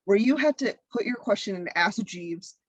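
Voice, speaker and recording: A woman guest on a podcast, a content creator and comedian, talking in a blunt, profane, animated way. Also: mid-range voice, normal speed, breathy edge, no room sound, poor audio. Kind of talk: casual interview chat.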